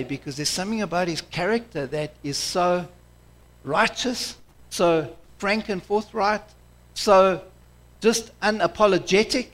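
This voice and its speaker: High-voiced man preaching with fervor. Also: a bit bright. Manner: passionate, conversational preaching with restarts. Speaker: pastor. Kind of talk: sermon.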